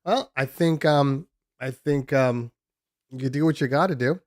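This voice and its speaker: Man, DJ stream host, casual Q&A, rambling with ums, dry close mic, mid-pitched voice. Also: measured pace, a little mellow, no echo. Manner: loose and rambling, many ums and restarts. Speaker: DJ podcast host. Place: home studio room.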